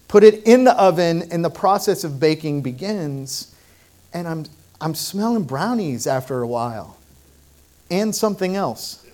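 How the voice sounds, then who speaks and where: A man's voice: on the high side, darkish tone. A man leading a prayer and then telling a humorous personal story in a sermon. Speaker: pastor.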